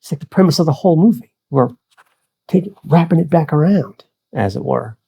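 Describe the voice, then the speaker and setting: Laid-back man with a lively voice. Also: a little high, brisk, creaky, slightly rough, muffled recording. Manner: laid-back, swears casually. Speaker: movie review co-host. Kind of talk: casual chat.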